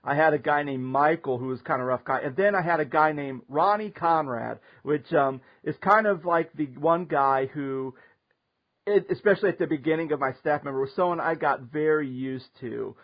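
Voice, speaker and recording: A man hosting a casual talk show, telling a story in an animated way and laughing often. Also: on the high side, normal speed. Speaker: podcast host. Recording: muffled lo-fi audio.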